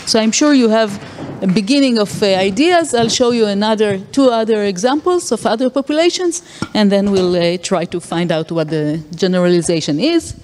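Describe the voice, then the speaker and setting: A woman's voice: medium pitch, normal speed, darkish tone. A woman giving an academic lecture, explaining with acted-out examples and frequent fillers. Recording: long hall reverb.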